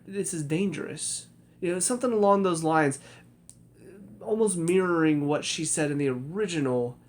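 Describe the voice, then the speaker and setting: A man's voice: fairly high pitch, a little hiss or hum. A young man giving a casual spoken review of a TV episode, hesitant, with many fillers and restarts. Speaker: TV review vlogger.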